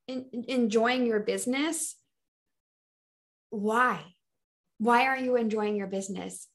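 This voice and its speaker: Woman coach, mid-pitched voice, emphatic motivational delivery. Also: fairly bright tone. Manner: enthusiastic, emphatic, restarts often. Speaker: business coach. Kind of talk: motivational solo talk.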